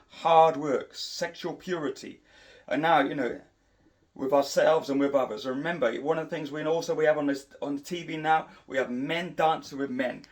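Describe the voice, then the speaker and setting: A middle-aged man giving an impassioned preaching monologue, repeating and restarting his phrases for emphasis. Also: a little high. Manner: repetitive, emphatic, with frequent restarts. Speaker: Christian preacher.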